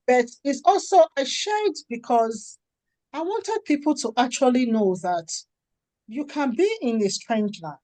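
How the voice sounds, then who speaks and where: A middle-aged woman from Nigeria, a charity founder and author, talking in an interview and acting out the dialogue in her stories with lively energy. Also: sits high, a little slow, dry recording. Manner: animated storytelling, acts out quoted dialogue. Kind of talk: conversational interview.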